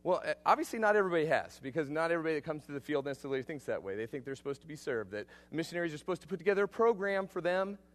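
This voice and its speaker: A man preaching a sermon as a missionary, emphatic and energetic, swinging between loud bursts and quiet asides. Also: fairly high pitch, racing, few pauses.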